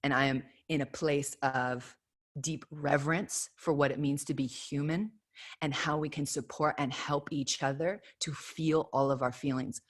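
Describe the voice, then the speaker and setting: An earnest woman in her thirties leads an online prayer circle, speaking in a slightly low voice. She delivers an inspirational spiritual talk with emphasis and lingers on repeated affirmations. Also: steady tone, normal speed. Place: home video call.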